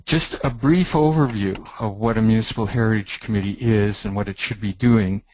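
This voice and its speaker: A middle-aged man from Canada with a fairly low voice, presenting a webinar. He explains things in a measured, teacherly way, pausing and restarting now and then. His voice sounds dry, on a computer mic. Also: darkish tone, no echo, low-quality recording. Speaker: webinar speaker, heritage planning consultant.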